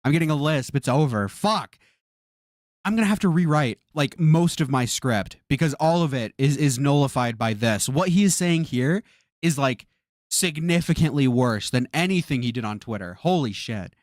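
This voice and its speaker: Man, live-stream reaction talk, lively swinging pitch, exasperated, swears a lot, dry close sound. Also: moderate pace, dry recording.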